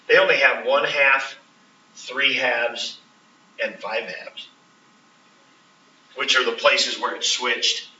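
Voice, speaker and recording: A man's voice: mid-range voice, bright, forceful tone, slight background noise. A man teaching calculus in a classroom, asking questions and checking in with students as he explains. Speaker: math teacher. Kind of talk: classroom lecture. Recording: roomy, distant, dull classroom recording.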